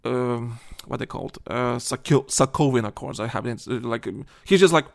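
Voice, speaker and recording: Young guy on a podcast, mid-pitched voice, ranting and heated, tons of "you know"s and restarts. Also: steady tone, moderate pace, vocal fry. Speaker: podcast host. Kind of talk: casual podcast rant.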